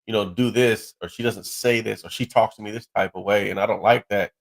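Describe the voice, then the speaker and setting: A man's voice: on the low side, steady tone, fairly quick, gravelly. A man co-hosting a faith-based relationship talk, earnestly advising other men. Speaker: co-host.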